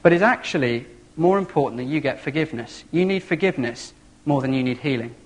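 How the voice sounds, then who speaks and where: A man voicing a gentle man who talks kindly and earnestly to a young man, in a sermon. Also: fairly high pitch, animated, fast talker, close to an everyday voice, rough recording.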